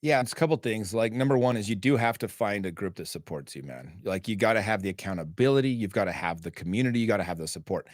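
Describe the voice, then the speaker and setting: A man's voice: lowish voice, fast, few pauses, dry recording, studio quality. A man who is a podcast guest, telling a story in a casual, emphatic way, swearing freely and acting out dialogue. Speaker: podcast guest, author and men's group founder. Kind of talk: animated storytelling in conversation.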